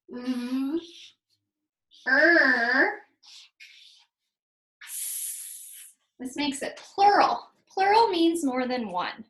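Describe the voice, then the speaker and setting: A woman teacher with a high, bright-sounding voice leads young children through a spelling lesson. She speaks slowly and patiently, sounding out each letter and syllable with care. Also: rough recording. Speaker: second grade teacher.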